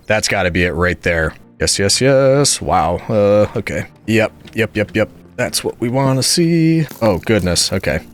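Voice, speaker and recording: A man giving casual gameplay commentary as host, chatty and talking back to the monsters he meets. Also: lowish voice. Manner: chatty, talks back to the monsters, swings between calm and exasperated. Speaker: gaming video host.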